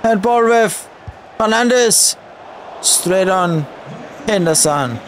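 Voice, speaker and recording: A young man giving live commentary over a football video game, shouting at the referee in frustrated outbursts. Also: high voice, animated, extremely slow, slight background noise. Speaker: gaming YouTuber.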